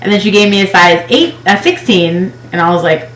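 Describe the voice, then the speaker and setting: A woman's voice: mid-range voice, animated, brisk, a bit bright. A woman candidly telling an emotional personal story about her past. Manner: candid, emotional, acts out quoted voices. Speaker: weight-loss project participant. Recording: echoey room.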